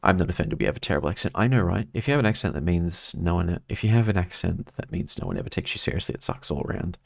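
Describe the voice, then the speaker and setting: A man's voice: deep voice, quick pace, gravelly, dry recording. An Australian man streaming a game, chatting casually and rambling while reading his chat aloud.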